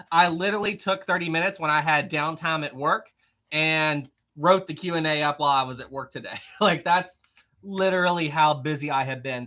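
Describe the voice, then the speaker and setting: A man's voice: fairly high pitch, bright, forceful tone. A man hosting a casual live stream, reading viewer messages aloud, laughing often and repeating himself.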